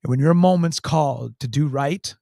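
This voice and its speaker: A man's voice: fairly high pitch, normal speed, creaky, warm tone, no room sound, studio quality. A man, a county sheriff, telling a story in an interview, emphatic and earnest, repeating key phrases. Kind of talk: storytelling in a talk show interview.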